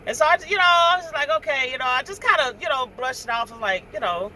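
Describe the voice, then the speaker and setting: Middle-aged woman, truck driver, casual storyteller with a bright, tense voice. Faint outdoor noise behind. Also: high-pitched, fast. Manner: chatty, animated, acts out quoted dialogue.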